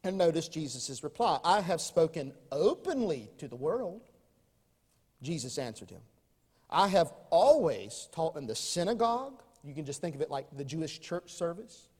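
A man preaching a sermon, moving between loud emphatic lines and quiet, quick asides. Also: on the high side, sing-song, breathy edge. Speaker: pastor. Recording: long hall reverb.

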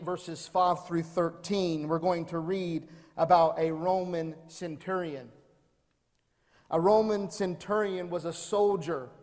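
Guy preaching in a church, rhetorical questions, gets louder on points, echoey hall. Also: high-pitched. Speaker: pastor. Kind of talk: sermon.

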